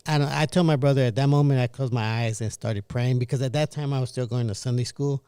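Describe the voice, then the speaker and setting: A man casually recounting a childhood experience, halting and restarting as he goes. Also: medium pitch, warm tone, smooth, no room sound. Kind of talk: casual storytelling.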